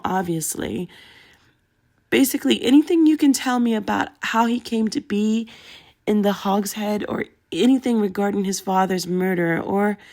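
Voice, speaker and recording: A woman's voice: medium pitch, gravelly. A woman voicing a nervous young female investigator who speaks formally but stumbles over her words. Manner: hesitant, stammering, formal.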